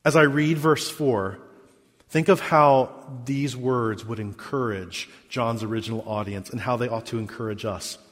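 A man preaching a sermon as pastor, reading scripture and stressing key words, with sharp swings between loud emphasis and quiet drops. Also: measured pace, long reverb tail. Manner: emphatic preaching with big swings in pitch and volume.

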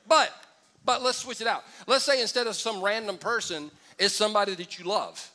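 A man preaching in a church auditorium, his voice pitched high and ringing bright. He talks to the congregation in a loose, joking way and calls out for their replies. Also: moderate pace. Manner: conversational, humorous, animated preaching with crowd call-and-response. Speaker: pastor. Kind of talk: sermon.

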